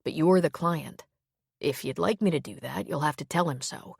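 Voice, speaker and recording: A woman voicing Owen, a quiet and gentle grown man, in an audiobook, speaking softly and reassuringly. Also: normal speed, gravelly, slightly rough, no echo, clean studio sound, full character voice. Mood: soothing. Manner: soft, reassuring, low-key. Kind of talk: audiobook character reading.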